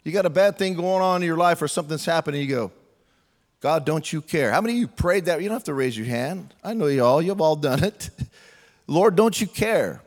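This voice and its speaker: A man preaches a sermon in a loose, joking, conversational way, slipping into quoted voices as he goes. His voice sits a bit high for a man. The sound rings with long reverb, as if from a big hall. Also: fast talker. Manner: conversational, humorous, acts out quotes.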